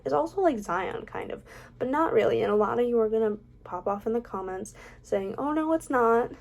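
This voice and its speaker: A woman's voice: fairly high pitch, fairly quick, creaky, darkish tone, highs cut off. A young woman vlogging casually, reading out facts and adding chatty, opinionated, self-mocking asides. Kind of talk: casual ranking vlog, reading facts aloud.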